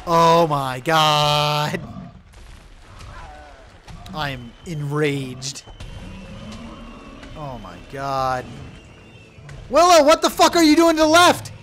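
A young man giving loud, profane let's play commentary, yelling at his game companion. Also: on the high side, slow pace, a little hiss or hum. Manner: excitable, swears loudly, yells at his companion. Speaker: gaming video creator.

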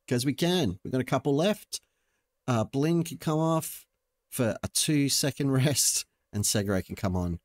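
A man's voice: medium pitch, lively intonation, unhurried. A young man giving playful, joking let's-play commentary as a gaming channel host. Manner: playful, jokey, talks to the screen.

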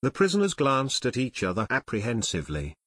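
A man's voice: medium pitch, wildly swooping pitch, brisk, fairly bright tone, husky. A man narrating an audiobook expressively, voicing every character.

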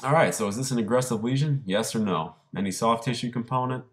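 A man presenting a radiology case, talking through scan findings in a brisk, conversational way. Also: mid-range voice. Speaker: radiology lecturer. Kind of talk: case review lecture.

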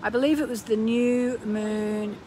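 A woman's voice: a little high, fairly even intonation, a little slow, mellow, slight background noise, poor audio. A woman astrologer chatting on a live stream, rambling with many ums and breaking into bursts of gushing enthusiasm, recorded on a phone. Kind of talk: casual live-stream chat.

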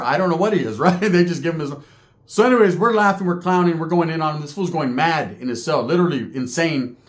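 A man's voice: fairly high pitch, quick pace. A middle-aged man telling a story in casual street slang, acting out the voices of others as he goes. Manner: street slang, animated retelling, mimics other inmates' voices. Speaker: podcast storyteller.

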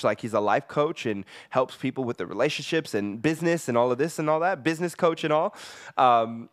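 A man from the United States, a recording artist as podcast guest, telling rambling, animated stories in casual chat. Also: mid-range voice, no room sound, clean studio sound. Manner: rambling, animated storytelling with laughs.

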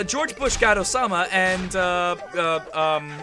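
A man giving casual, rambling commentary while playing a game, excitable and swearing freely. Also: high-pitched, slow. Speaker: gameplay commentator. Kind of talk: casual let's-play commentary. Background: game music.

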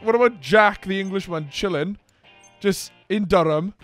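A man with a fairly high voice, bantering dryly while gaming. He teases and argues in a casual, deadpan way. Faint music runs underneath. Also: moderate pace. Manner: dry, teasing. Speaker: let's play co-host.

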